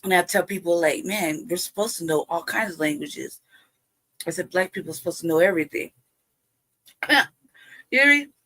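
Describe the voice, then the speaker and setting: A mid-pitched host on a home livestream rambles through a personal story in casual talk. The speech is full of cursing and frequent laughter, and the speaker plays out both sides of a remembered conversation. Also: expressive, fairly quick, pauses often, sharp tone, slightly rough.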